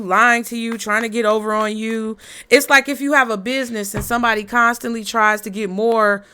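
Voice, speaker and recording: A woman reading tarot for her audience in a casual, fired-up way, swearing freely and not mincing words. Her voice is fairly high, bright, and clear. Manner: blunt, profane, fired-up motivational talk. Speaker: tarot reader.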